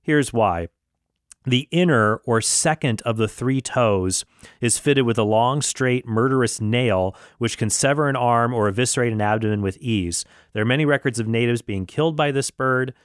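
A man's voice: mid-range voice, moderate pace, smooth, no room sound, studio quality. A man hosting a casual solo podcast, telling a story in a rambling way with many fillers. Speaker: podcast host. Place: travelling in Australia.

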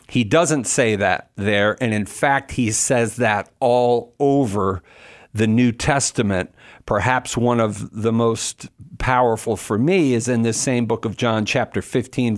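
A middle-aged man speaking on a call-in show in an even, mid-pitched voice. He explains scripture emphatically, pausing for quick asides and rhetorical questions. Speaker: apologist answering callers. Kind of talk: call-in radio talk.

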